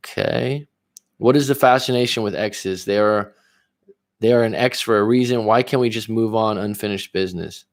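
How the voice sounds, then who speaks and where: Speaking in a lowish voice at a moderate pace, a man working as a relationship coach runs a livestream where he reads viewer comments out loud. His answers are blunt and peppered with swearing.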